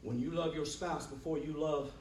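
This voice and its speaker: A man preaching a sermon in a church, regularly calling "Amen?" to the congregation. His voice sits on the higher side and rises in loud bursts before dropping low. The recording is echoey and distant, with faint room ambience behind. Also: fairly even intonation, normal speed, a little hiss or hum. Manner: preaching with frequent "Amen?" call-outs to the congregation; swings between loud rising bursts and low quiet passages. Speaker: pastor.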